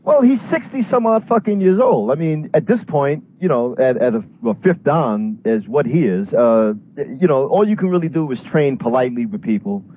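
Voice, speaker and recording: A man's voice: mid-range voice, lively intonation, normal speed, hardly any pauses, warm tone, slight background noise. A man calling in to a talk show, ranting at length in a heated, profane way and swearing constantly. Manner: profane, fired-up, heavy swearing. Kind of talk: heated call-in rant.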